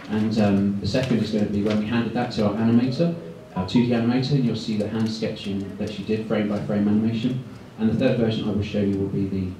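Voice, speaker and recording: A man giving a guest talk to art students, talking quickly and loosely with many ums. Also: fairly low pitch, warm tone. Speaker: guest speaker at an art school. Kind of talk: presentation to students. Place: lecture room. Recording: echoey room, far from the mic, faint noise.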